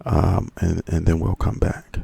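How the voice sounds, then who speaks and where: Deep, gravelly man recapping. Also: monotone, a little slow, a crowd in the background. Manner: hesitant, filler-heavy delivery. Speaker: channel host. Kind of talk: commentary recap.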